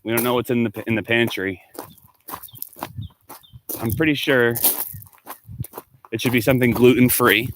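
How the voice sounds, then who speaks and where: A man's voice: mid-range voice, fairly even intonation, a little slow, pauses often, a bit bright, slight background noise. A male teacher talking casually to his students, rambling as he answers their comments one by one.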